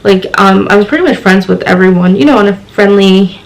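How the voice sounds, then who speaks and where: A young woman vlogger retells a story in a medium-pitched voice, a little fast and with vocal fry, over a rough recording. She sounds chatty and exasperated, her speech full of "like" and "you know."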